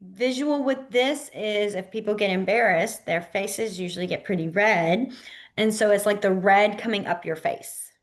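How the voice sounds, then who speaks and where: A woman teaching a beginner sign language class in a casual, chatty way, often saying "like" and "um" and repeating words slowly as she demonstrates. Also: mid-range voice. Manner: frequent fillers like "like" and "um". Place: library classroom.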